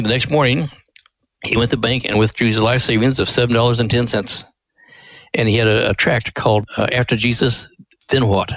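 In a radio interview, a ministry's director recounts how it was founded, sounding earnest and lively as he voices the people involved. His pitch is medium and there's no echo, though the audio quality is poor.

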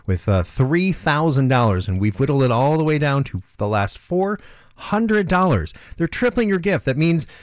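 A male radio co-host making an encouraging pledge-drive pitch into a studio mic. His voice is mid-pitched but moves lively up and down. The recording is dry and close. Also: normal speed, no room sound. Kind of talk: on-air pledge drive appeal.

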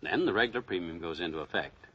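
An actor playing a blustery, folksy husband in 1940s radio comedy, brash and wisecracking. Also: male voice, deep voice, lively intonation, fast talker, fairly bright tone, husky, muffled recording, heavily acted. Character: blustery, stubborn, folksy middle-aged husband. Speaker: comic lead in a radio sitcom.

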